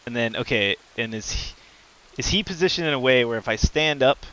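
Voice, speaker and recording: Brief: male player, mid pitch, bright, unsure as he plans. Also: expressive, fairly quick, clean tone, low-quality recording. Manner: tentative, thinking aloud. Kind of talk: tabletop role-play, casual chat.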